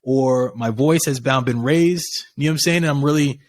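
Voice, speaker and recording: A man co-hosting a podcast in casual chat, animated and passionate, his voice rising as he gets into it. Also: mid-range voice, normal speed. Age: adult with a child. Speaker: podcast co-host.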